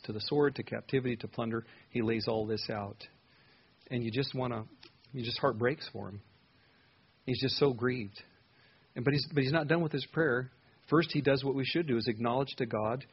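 A man's voice: mid-range voice, breathy edge, dull audio. A man preaching an earnest sermon, reading scripture aloud and stressing words as he goes. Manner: earnest, reads scripture aloud with rising emphasis.

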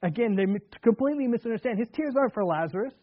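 A man preaching a sermon as a pastor, earnest, stressing words loudly and then dropping to hushed tones. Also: very high-pitched, expressive, rapid-fire. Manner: earnest, repetitive restarts, swings between loud emphasis and hushed tones. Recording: tinny phone-like radio broadcast.

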